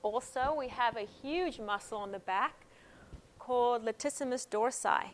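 A woman teaching hands-on pain management in a gentle, conversational way, telling stories from her practice. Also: a little high, measured pace. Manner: gentle, conversational, frequent um fillers. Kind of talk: instructional talk with personal stories.

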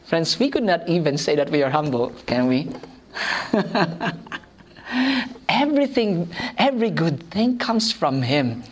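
A woman delivers a sermon through personal anecdotes. She is animated and pokes fun at herself, breaking into laughter often before turning back to her message. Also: low-pitched, moderate pace, few pauses, a little hiss or hum. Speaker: preacher.

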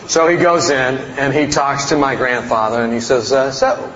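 A man's voice: medium pitch, moderate pace, a bit bright. A man preaching a storytelling sermon to a congregation, folksy and rambling, with self-mocking humor. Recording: roomy hall, dull sound, faint noise.

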